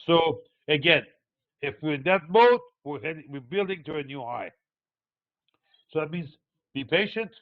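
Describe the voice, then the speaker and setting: Speaking a little high at a moderate pace with long pauses, an older man with a non-native English accent works as a market analyst leading a live chart walkthrough webinar for traders. His voice is lively, and the recording is tinny, phone-like, and dry. He is hesitant and wanders off topic, saying "uh" a lot as he lays things out step by step.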